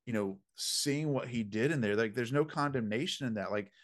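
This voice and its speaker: Man, guest, dream interpreter; energetic storyteller with a preacher's cadence and a mid-range voice. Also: mid-range voice, moderate pace. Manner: animated, emphatic, punchy slang; preacherly, faith-filled phrasing. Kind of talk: conversational storytelling.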